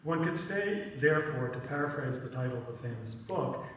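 Male lecturer, mid pitch, halting, lots of fillers, recorded from afar in a booming room. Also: animated, a little hiss or hum. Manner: halting, repeats words, many ums and "right?" tags. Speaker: teach-in speaker. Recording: echoey room, mic far off.

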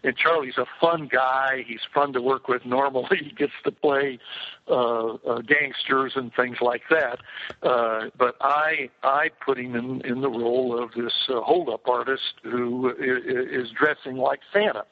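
A man's voice: mid-range voice, fairly even intonation, measured pace. An older man, a film director, telling rambling behind-the-scenes stories with lots of fillers and restarts. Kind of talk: casual anecdotal storytelling. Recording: tinny phone-like line.

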